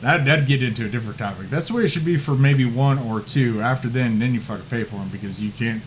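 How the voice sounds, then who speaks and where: A man's voice: mid-range voice, quick pace, a little hiss or hum. A man hosting a casual podcast, telling stories with lots of swearing and laughter and acting out what people said. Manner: profane, laughing storyteller who acts out quotes. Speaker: podcast host.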